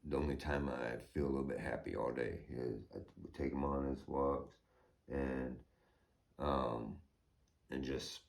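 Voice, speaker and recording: A middle-aged American man with a very deep, low-pitched voice, talking in a rambling, profane personal vlog. He drifts between quiet, trailing asides and heated, indignant stretches. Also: steady tone, a little slow, vocal fry. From United States. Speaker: homeowner vlogger.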